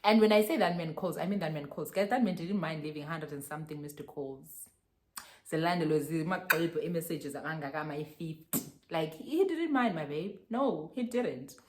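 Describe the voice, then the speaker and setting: A young South African woman with a South African accent, telling a casual story in a lively, animated way and laughing often. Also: deep voice, normal speed. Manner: animated, mixes English and Xhosa slang, laughs often. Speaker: vlogger.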